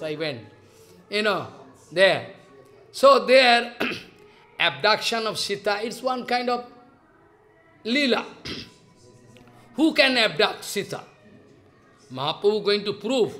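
A man's voice: high-pitched, a bit bright. A man giving a devotional lecture, telling stories with repeated emphatic phrases and rising questions. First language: Bengali. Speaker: spiritual lecturer.

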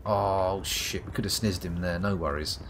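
A man's voice: low voice, steady tone, moderate pace, fairly bright tone, slight background noise. A man from England with a southern English accent, giving sardonic, sweary live commentary on a game he is playing. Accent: southern English, near London. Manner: sardonic, swearing, muttering to himself. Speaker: streamer.

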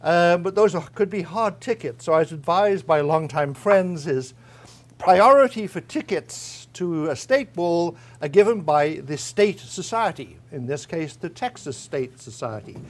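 A man's voice: on the high side, animated, unhurried. A man giving an academic guest lecture, conversational and wry, with frequent small hesitations. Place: university lecture room.

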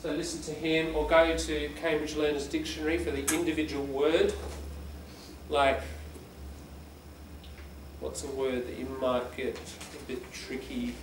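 A man's voice: a little high, flat delivery, a little slow. Male English teacher, patient explainer, distant mic in a noisy classroom. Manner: explains patiently, demonstrates exaggerated stress by reading aloud. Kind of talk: classroom lesson. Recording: echoey room, far from the mic, background noise.

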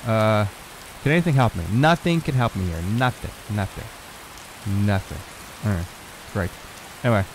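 Excitable man narrating his gameplay. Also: on the low side, moderate pace, long pauses, noisy background. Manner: excitable, swears freely, talks to the screen; rambling with many fillers and repeats. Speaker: gamer showing off a modded game. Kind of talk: casual gameplay commentary.

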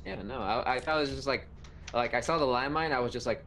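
A man's voice: mid-range voice, fast talker, a bit bright, slight background noise. A young man chatting with friends over a video game, telling a story in a rambling way with many fillers. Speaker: gaming friend. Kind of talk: casual gaming chat.

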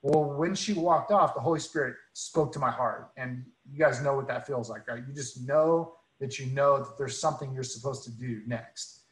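A man's voice: mid-range voice, normal speed, hardly any pauses, reverberant, low-quality recording. A man telling a personal faith story in an earnest, conversational way, often restarting and repeating words. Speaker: guest speaker.

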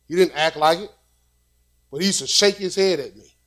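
High-voiced man preaching conversationally. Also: normal speed, a bit bright. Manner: conversational preaching with repetitions and storytelling. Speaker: pastor. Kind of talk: sermon.

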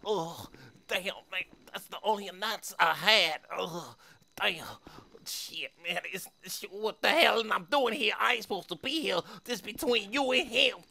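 A man's voice: sits high, unhurried, creaky, sharp tone, heavily acted. A man playing a cursing bystander who keeps griping and complaining in a homemade comedy skit. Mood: whining. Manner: griping, swears constantly.

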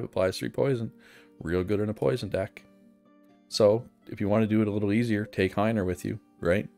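A gaming guide host with a fairly low, gravelly, slightly mellow voice narrates a casual video game walkthrough, chatting and thinking aloud while he plays.

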